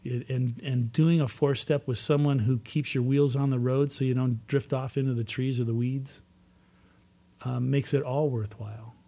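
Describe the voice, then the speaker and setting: Man, recovery meeting speaker, middle pitch, earnest testimony with repeated emphasis. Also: steady tone, normal speed, gravelly, dark tone. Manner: earnest storytelling, emphatic repetitions. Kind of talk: personal testimony talk.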